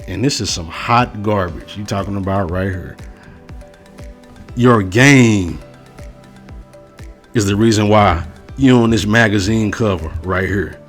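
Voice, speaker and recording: Male sports-show host, forceful repetitive opinion delivery, fairly low voice. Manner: emphatic, repetitive, slow and forceful on key phrases; casual slangy delivery. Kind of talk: opinion rant to camera.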